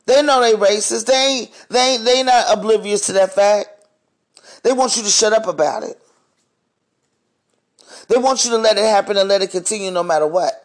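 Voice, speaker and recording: A man's voice: high voice, normal speed, pauses often. A man hosting a podcast, speaking in a blunt, profane, heated monologue rant. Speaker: podcast host. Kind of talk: ranting monologue.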